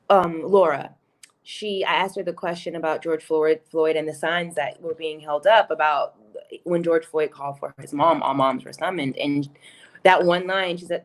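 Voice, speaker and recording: A woman with a slightly low voice speaks as a guest over a video call. She is earnest and talks in halting bursts, often stammering and restarting mid-thought. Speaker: guest, singer-songwriter and project creator. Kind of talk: casual video call conversation.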